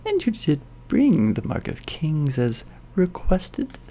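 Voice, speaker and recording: A woman voicing a cold, sneering villainous courtier in a video game, speaking slowly and disdainfully. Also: low-pitched, huge pitch swings, dark tone, slight background noise, full character voice. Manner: slow, disdainful, menacing.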